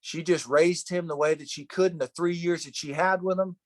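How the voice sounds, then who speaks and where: A man's voice: on the high side, fairly even intonation, a little fast, dry recording. A middle-aged man leading a Bible study, preaching informally in a fervent, conversational way and often repeating himself. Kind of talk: informal sermon.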